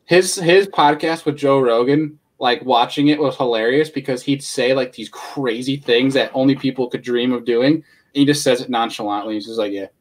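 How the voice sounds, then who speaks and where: A man hosting a casual fishing podcast, laid-back and quick to laugh. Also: mid-range voice. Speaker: podcast host.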